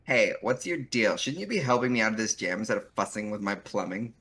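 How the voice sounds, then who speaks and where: A man's voice: on the low side, animated, brisk, fairly bright tone. A man reading a brash, smug teenage troll girl from a webcomic aloud, with a mocking, scornful delivery. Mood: defensive.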